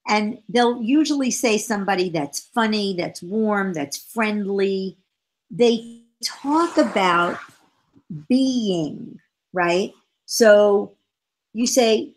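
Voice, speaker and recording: A middle-aged woman answering interview questions as a parenting expert, lively and acting out short exchanges with her children. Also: mid-range voice, takes it slowly. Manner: animated, acts out dialogue with her kids.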